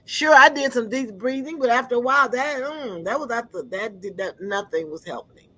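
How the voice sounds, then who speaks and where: A woman giving an earnest personal testimony, often pausing to search for words. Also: a little high, lively intonation, bright, forceful tone, poor audio.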